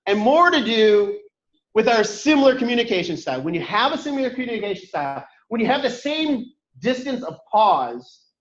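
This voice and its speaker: Boisterous, loud man teaching with stories. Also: high voice. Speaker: instructor. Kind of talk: online workshop talk with personal stories. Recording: echoey room, dull lo-fi sound.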